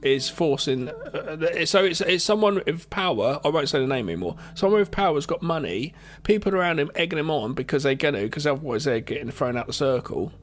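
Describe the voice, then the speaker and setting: Lively chatty podcast man. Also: fairly high pitch, fairly quick, few pauses. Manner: chatty, with side comments and repeated starts. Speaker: podcast co-host. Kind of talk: casual film review chat.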